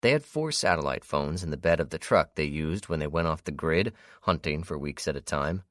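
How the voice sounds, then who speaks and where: Man, very deep voice, lively expressive narration, dry close sound. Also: a little fast, no echo. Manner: expressive storytelling. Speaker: audiobook narrator. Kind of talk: scripted narration.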